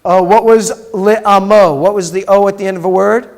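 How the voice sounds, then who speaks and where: A man's voice: high-pitched, fairly even intonation, normal speed. A man, a rabbi, teaching a Hebrew class and patiently explaining pronunciation step by step.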